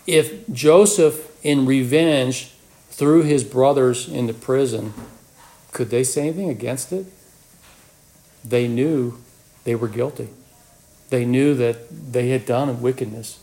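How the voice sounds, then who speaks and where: A man's voice: medium pitch, takes it slowly, vocal fry, dark tone. A man teaching a Bible passage in sermon style, reading scripture aloud and then retelling it as a story, acting out the characters' voices. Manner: storytelling, acts out the brothers' voices.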